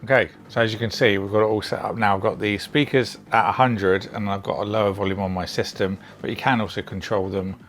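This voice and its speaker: A British man giving a relaxed, chatty overview of audio gear he is testing, with the odd um and like. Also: on the low side, brisk, hardly any pauses, slight background noise. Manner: relaxed, chatty, sprinkled with ums and likes. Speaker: tech reviewer. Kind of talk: casual product overview.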